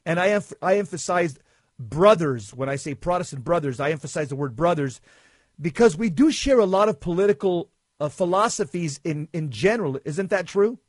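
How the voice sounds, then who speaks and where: High-voiced guy hosting an interview, pushy leading questions, dry close sound. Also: animated, fairly quick, no room sound. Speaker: interview host. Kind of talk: conversational interview.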